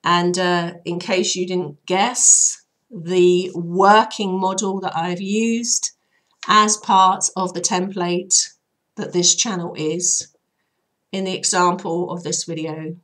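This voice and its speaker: A woman healer hoarsely guiding listeners through an emotional release process in a chatty, rambling way, with many fillers. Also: fairly low pitch, fairly even intonation, slow, a bit bright. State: voice hoarse and troubled. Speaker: healer and channel host. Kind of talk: casual spoken guidance.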